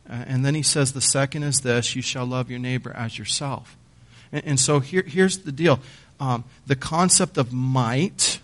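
A man preaching a sermon as pastor, reading scripture aloud and then explaining it with emphatic pauses and a few repeated words. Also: medium pitch, fairly bright tone.

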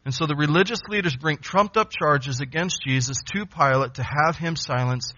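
Emphatic preacher man, bright lo-fi sound. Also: a little high, moderate pace. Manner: emphatic, repeats phrases and asks rhetorical questions. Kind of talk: expository sermon. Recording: dull lo-fi sound.

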